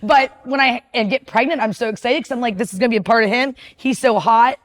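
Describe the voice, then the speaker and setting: A woman's voice: a little high, fast. Blunt, profane woman telling her story. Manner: blunt, profane, laughing often, acts out quotes. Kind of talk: candid personal storytelling.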